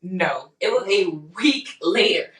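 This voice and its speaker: A woman's voice: mid-range voice, slow pace. A young woman from Charleston, South Carolina, with a Charleston accent, telling stories in casual chat and teasing her partner as podcast co-host. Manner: animated storyteller, teasing, acts out her own reactions. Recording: roomy sound, distant from mic.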